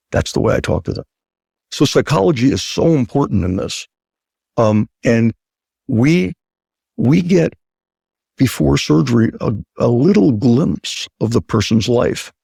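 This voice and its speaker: A man with a gravelly, husky voice talks as a surgeon guest in a dry, close-sounding room. He speaks emphatically, repeats his points for weight, and slips into the voices of patients and doctors as he tells stories. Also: medium pitch, a little mellow, no echo. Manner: emphatic, acts out quoted patient and doctor talk; repeats key points for stress. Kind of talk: conversational interview talk.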